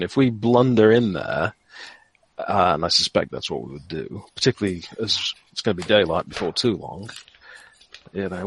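A man playing a tabletop game in character, measured and dry, laughing often. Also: fairly low pitch, no echo. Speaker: player. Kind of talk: in-character tabletop role-play.

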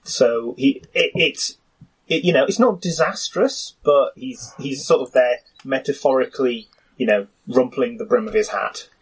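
A man narrating a tabletop game as game master, halting and full of "you know", with restarts. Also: medium pitch, breathy edge, poor audio.

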